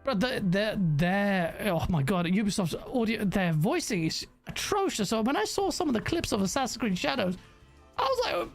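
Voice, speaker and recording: A man with a London accent chatting as a podcast co-host, telling stories in an animated, slangy way and laughing often. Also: high-pitched, normal speed, vocal fry, soft background music. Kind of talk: casual chat.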